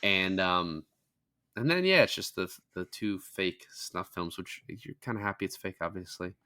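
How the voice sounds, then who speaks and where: Man, young adult, podcast co-host, sharp bright tone, low-ish voice, swears a lot. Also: moderate pace. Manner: animated retelling of scenes, swears freely. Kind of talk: casual film review chat.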